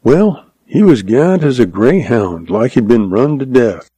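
A man's voice: mid-range voice, animated, unhurried, dark tone, breathy edge, no echo. A man voicing an unbothered stable hand with an offhand drawl, in a western audiobook.

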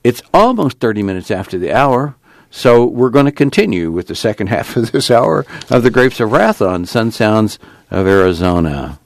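A man's voice: lowish voice, sing-song, moderate pace, gravelly, dry recording. Man reading a novel aloud, dry sound. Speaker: volunteer reader on a reading service.

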